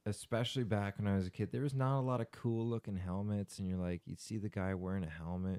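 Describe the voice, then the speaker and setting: A young man as a podcast guest in casual chat, speaking candidly and reflectively, sometimes halting. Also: sits low, darkish tone.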